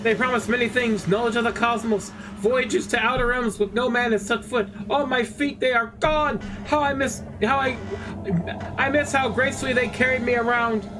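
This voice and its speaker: A tormented human brain sealed inside a machine begs for release in an anguished, pleading voice, as a man puts it on while playing a game. The voice sits very high for a man. A steady noise runs underneath the recording. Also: normal speed, recorded from a distance. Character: desperate male human brain trapped in a machine.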